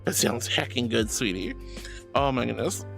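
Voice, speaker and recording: A man with a gravelly, medium-pitched voice talks at a moderate pace on a casual stream, faint music in the background. He reads viewer messages and gushes back affectionately with "sweetie" and "honey," excitable and often gasping and laughing.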